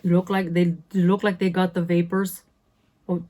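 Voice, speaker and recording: A woman's voice: on the low side, flat delivery, moderate pace, mellow, slight background noise. A woman in her fifties chatting casually as a beauty vlogger through an unboxing, sassy and full of self-interrupting asides. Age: 50s.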